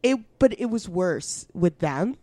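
A woman's voice: on the low side, animated, unhurried, darkish tone, no echo. A woman co-hosting a podcast, blunt in casual chat, swearing often and laughing a lot. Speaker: podcast co-host.

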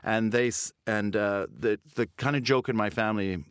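A man's voice: on the low side, normal speed, fairly bright tone, clear, resonant tone, no echo, clean studio sound. A middle-aged Canadian man, a comedian chatting casually, rambling with restarts and mocking himself. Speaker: comedian guest. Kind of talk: casual chat.

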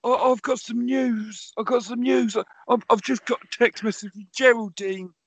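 Playful man, mid-pitched and dry, quick with absurd tales. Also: fairly even intonation, slightly rough, no room sound. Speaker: comedy podcast co-host. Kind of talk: improvised comedy chat.

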